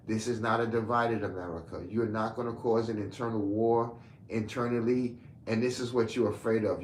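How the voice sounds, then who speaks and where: A man's voice: on the low side, slight background noise. A man from Brooklyn, delivering a combative, heated rant back at his commenters. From Brooklyn, New York. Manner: confrontational, heated, repetitive. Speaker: online commentator. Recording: echoey room with faint ambience.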